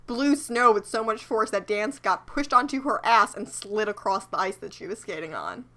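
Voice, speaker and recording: A woman co-hosting a casual podcast chat, sarcastic and quick to swear and laugh. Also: mid-range voice, expressive, bright, forceful tone. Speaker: podcast co-host.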